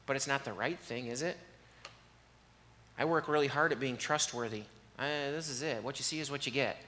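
A man preaching an earnest, conversational sermon in a church and leading a soft, slow prayer. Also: mid-range voice, long reverb tail. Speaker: pastor. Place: church sanctuary.

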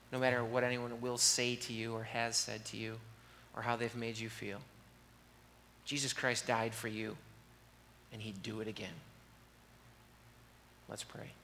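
Male pastor, earnest conversational sermon style, bright edge, long hall reverb with faint room noise. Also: mid-range voice. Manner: earnest, conversational preaching, dropping to soft, slow prayer. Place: church sanctuary.

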